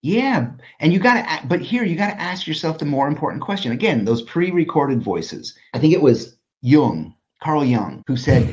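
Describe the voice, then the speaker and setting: A man's voice: fairly high pitch, very animated, moderate pace, hardly any pauses, a little mellow. A middle-aged man, hosting a podcast in casual conversation, telling stories animatedly and swearing freely. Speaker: podcast host and designer. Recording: muffled lo-fi audio.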